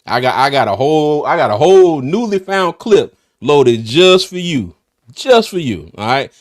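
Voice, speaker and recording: A man with a drawl chats casually as he hosts a live stream. His voice swings widely in pitch, and he laughs a lot and trails off mid-thought. He sounds loose and easygoing. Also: big pitch swings, normal speed. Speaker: host of a live draft-night stream. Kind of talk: casual livestream chat.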